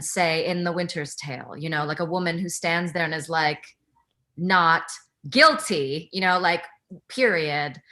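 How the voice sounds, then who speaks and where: A woman with a lowish, bright voice speaks frankly and earnestly in a seminar discussion. Her talk is casual and full of fillers, and she's on a video call. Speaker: actor in a play-reading seminar.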